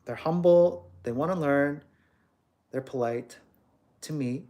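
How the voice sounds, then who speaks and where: A man's voice: on the high side, takes it slowly, dark tone. Man lecturing on a casual livestream. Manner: opinionated, lecturing, rhetorical questions; acts out quoted voices.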